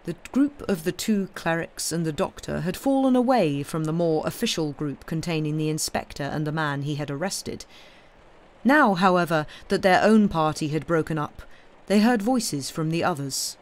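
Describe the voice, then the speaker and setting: A man with a slightly high voice reads a classic mystery aloud on a live stream. His narration is steady and even. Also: moderate pace. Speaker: reader.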